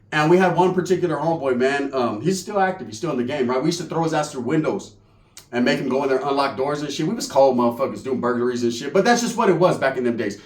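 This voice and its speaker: Profane man telling a rowdy story. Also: on the high side. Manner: animated, profane, keeps tagging lines with "right?". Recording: echoey room.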